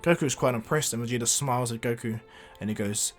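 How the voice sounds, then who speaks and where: A man's voice: mid-range voice, quick pace, soft background music. A man casually retelling a fan-made anime story on his channel, rambling with restarts. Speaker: YouTube storyteller.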